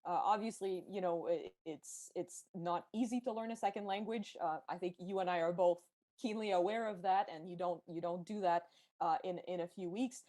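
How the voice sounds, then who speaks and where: A woman's voice: on the low side, steady tone, normal speed, mellow. A woman guest on a political podcast, speaking carefully and diplomatically with many hesitations. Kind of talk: political commentary.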